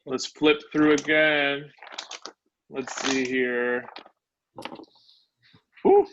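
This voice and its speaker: A man's voice: medium pitch, steady tone, extremely slow, fairly bright tone, slight background noise. A male instructor teaching a live online class, sounding out words syllable by syllable. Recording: dull lo-fi online call audio.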